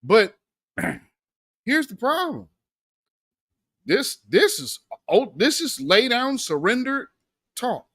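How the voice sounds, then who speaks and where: A male host giving a slangy, sarcastic political commentary monologue, emphatic and animated. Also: very high-pitched, slow pace, long pauses, breathy edge, no room sound, clean studio sound.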